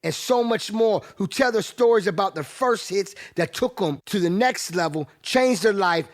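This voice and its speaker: A man gives an energetic, hyped-up read of a podcast promo. His voice sits high and carries real excitement. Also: moderate pace.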